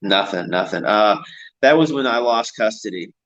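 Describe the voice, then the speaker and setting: A man's voice: on the low side, normal speed, a bit bright, dull audio. A man talking in a casual chat, rambling and repeating himself.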